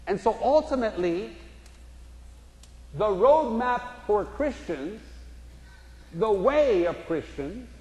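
A man's voice: high voice, big pitch swings, takes it slowly, long pauses, darkish tone. A man preaching a sermon to his congregation, telling a story and acting out the voices in it. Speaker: pastor. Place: church sanctuary. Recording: echoey church hall.

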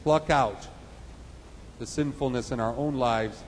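A man's voice: medium pitch, unhurried, in a large hall, a little hiss or hum, poor audio. A man preaching a sermon with an emphatic, repetitive cadence, building points in parallel phrases.

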